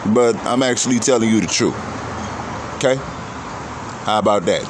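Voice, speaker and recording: A man's voice: mid-range voice, normal speed, long pauses, noisy background. A man talking in a casual, profane, rambling monologue, preaching his views.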